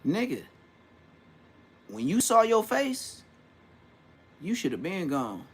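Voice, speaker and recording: Animated slangy man telling street stories. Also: high-pitched, slow pace, slightly rough. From California. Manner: animated slangy storytelling, mimics old homies' voices. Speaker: vlogger. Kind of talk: casual storytelling rant.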